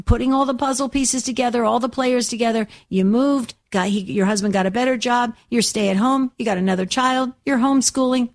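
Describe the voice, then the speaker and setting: A woman hosting a call-in radio show, talking in an effusive, gushing way with many repeats. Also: a little high.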